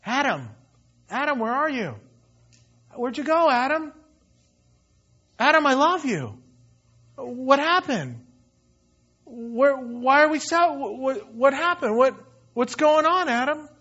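A man's voice: extremely high pitch, sing-song, slow, pauses often, voice pushed up, heavily acted. A man as a tender, pleading father God. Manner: gentle, pleading. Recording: dull lo-fi recording.

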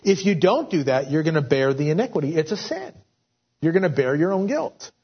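A man preaching a Bible-teaching sermon, with many fillers and restarts, whose voice rises and grows forceful when he voices God's words. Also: fairly high pitch, big pitch swings, a little fast, breathy edge. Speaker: pastor. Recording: dull lo-fi audio.

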